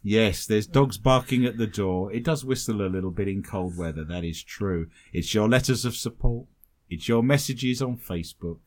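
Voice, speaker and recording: A man's voice: on the low side, normal speed. A British man hosting a radio chat show, teasing his co-hosts with dry humour and reading out listener messages. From Britain.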